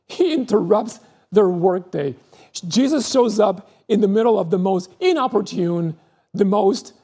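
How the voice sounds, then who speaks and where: A pastor delivers a sermon in a mellow, warm voice with a breathy, husky edge. The telling is earnest and unhurried in feeling. Words often repeat as a thought takes shape, which gives it a searching, heartfelt sound. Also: medium pitch, animated. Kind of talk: sermon with storytelling.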